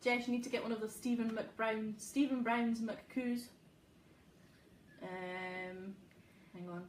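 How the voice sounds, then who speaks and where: A woman co-hosting a casual live stream at home, briskly reading out viewer comments with a teasing manner. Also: a little high, fairly even intonation. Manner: brisk, teasing, reads names and comments aloud. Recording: roomy echo, voice a bit far from the mic, faint background hiss.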